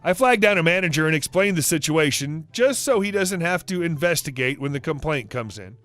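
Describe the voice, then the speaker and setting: A man narrating reader-submitted stories in a lively storytelling manner, acting out the dialogue. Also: fairly high pitch, fairly quick, hardly any pauses, faint music behind.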